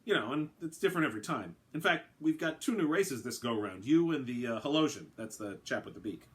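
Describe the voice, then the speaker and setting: A man's voice: medium pitch, lively intonation, fairly quick, close to an everyday voice. A man voicing a brash, sarcastic male alien who announces a game, talking in a flippant, impatient way.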